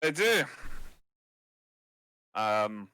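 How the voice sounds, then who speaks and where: A man's voice: on the low side, big pitch swings, extremely slow, pushed and bright, clean tone, dry recording, studio quality. A man playing a tabletop game who thinks aloud hesitantly, with many fillers. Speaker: player.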